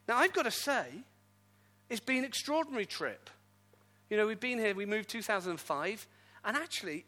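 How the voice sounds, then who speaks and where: A middle-aged man, a pastor, telling his story in a sermon with lively, self-deprecating humor. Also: high-pitched. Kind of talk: testimony sermon.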